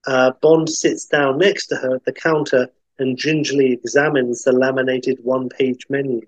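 Man animatedly pitching a spy film. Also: normal speed, no echo. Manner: animated retelling with many fillers. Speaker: podcast host pitching a film. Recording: dull, dry recording.

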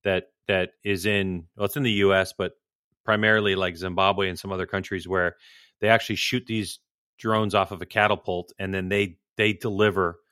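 A man's voice: sits low, level tone, moderate pace, bright, forceful tone, smooth, no echo, clean studio sound. A man from Massachusetts hosting a podcast, joking and teasing his co-host in casual banter. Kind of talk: casual chat.

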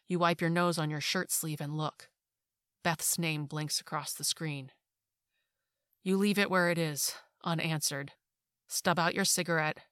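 A woman reading a second-person short story aloud in a hushed, intimate way that often drops to a whisper. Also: lowish voice, dry recording, clean studio sound. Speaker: story narrator.

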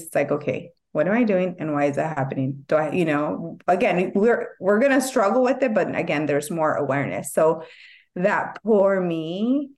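A woman psychologist talking in a casual podcast conversation, reflective and thoughtful, often restarting her sentences. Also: lowish voice. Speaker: psychologist guest.

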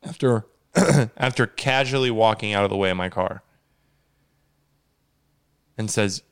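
A man telling a funny true story in a deadpan, casual way. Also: fairly low pitch, unhurried, long pauses, clear, resonant tone. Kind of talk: casual spoken anecdote.

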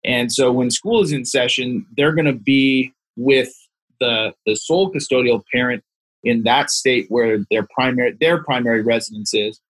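A man's voice: medium pitch, normal speed, fairly bright tone, no room sound, rough recording. A man who is a family law attorney, explaining things methodically as a podcast guest.

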